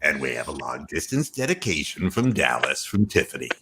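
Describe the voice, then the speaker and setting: A man doing a deep, smooth radio countdown host. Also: big pitch swings, bright, forceful tone, heavily acted. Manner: slow, deep, intimate announcer delivery. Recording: noisy line.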